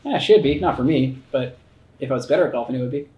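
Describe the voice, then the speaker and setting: A man's voice: mid-range voice, rapid-fire, a little mellow, echoey room. A man co-hosting a casual podcast chat, joking and rambling with skater slang. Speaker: podcast co-host.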